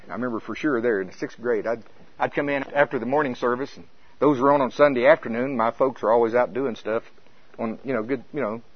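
A man's voice: medium pitch, lo-fi sound. An older man preaching a sermon in a folksy, impassioned way that rises and falls.

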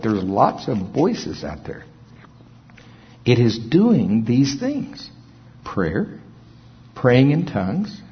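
A middle-aged male pastor preaching a sermon, folksy and storytelling, with chuckles and hushed dramatic pauses. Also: mid-range voice, husky. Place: large auditorium. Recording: dull, long-reverb hall sound.

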